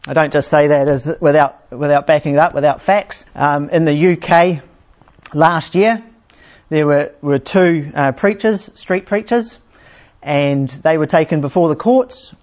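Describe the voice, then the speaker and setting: A man preaching a sermon in a conversational way, restarting phrases often and slowing down to read scripture with emphasis. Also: fairly high pitch, darkish tone. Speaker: pastor. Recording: dull lo-fi sound.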